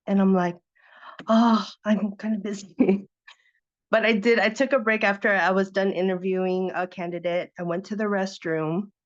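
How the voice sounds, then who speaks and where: A woman tells a heartfelt personal story, her voice jumping up when she relives her own past reactions in quoted bursts. She speaks at an ordinary middle pitch. The audio is slightly dull and lo-fi. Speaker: guest sharing her business story.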